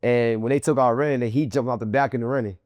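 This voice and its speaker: A man being interviewed as a guest, telling his story in animated, profane slang and acting out what others said in a raised voice. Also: mid-range voice, fast talker, dry recording. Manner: acts out quoted people in a raised voice.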